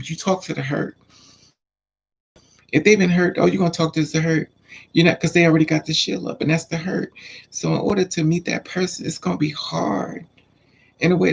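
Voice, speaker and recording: A man talks through his own experiences in a frank, confiding vlog. His voice sits fairly high and has a gravelly edge. A faint hiss lies under the speech. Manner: frank, confiding, acts out quoted exchanges. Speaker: vlogger. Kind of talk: candid personal storytelling.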